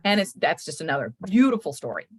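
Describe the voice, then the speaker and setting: A woman hosting a casual chat, telling customer stories with lively retold quotes. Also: lowish voice, quick pace, breathy edge, no room sound. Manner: animated storytelling, retells others' words.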